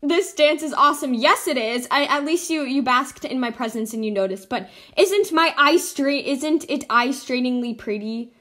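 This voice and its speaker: A woman's voice: sits high, normal speed, hardly any pauses, a bit bright. A young woman hosting casual game commentary, bubbly and giggly, swinging between squeals and mutters. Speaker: gaming channel host.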